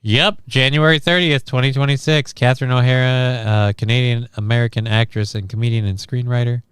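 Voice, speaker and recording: A man's voice: mid-range voice, fairly even intonation, brisk, fairly bright tone, clear, resonant tone, no echo, clean studio sound. A man hosting a casual livestream, reading chat and news aloud in an offhand, profane way. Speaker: livestream host.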